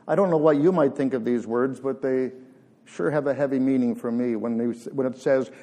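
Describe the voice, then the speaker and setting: A man preaching a sermon in church, earnest and measured with emphatic pauses. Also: medium pitch, dark tone. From Canada.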